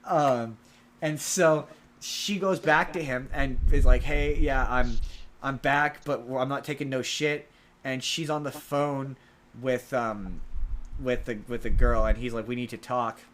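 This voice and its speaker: A man's voice: mid-range voice, slow pace, fairly bright tone, a little hiss or hum, low-quality recording. Rambling man recapping a movie. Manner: rambling, many restarts and filler ums, acts out quotes. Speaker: podcast co-host. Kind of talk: casual podcast chat, recapping a movie.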